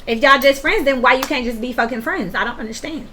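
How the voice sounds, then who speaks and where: A woman does a casual tarot reading, speaking directly to the viewer in a high, fast, pushed, bright voice with few pauses and slight background noise. She's blunt, slangy, and profane, getting worked up and bursting into sudden laughs.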